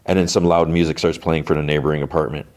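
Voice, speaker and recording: A man's voice: rumbling low, steady tone, fast, a little mellow. A man hosting a podcast, casually recapping a TV episode and quoting the characters loosely. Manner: retells scenes loosely, quoting lines with "he's like". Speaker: podcast host.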